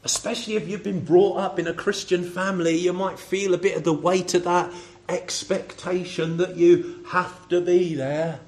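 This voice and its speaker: A high-pitched man gives a sermon in a chatty, conversational way. He keeps turning to his listeners with rhetorical questions and calls on people by name. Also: steady tone, normal speed, darkish tone. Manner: conversational, addressing congregation members by name. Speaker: preacher.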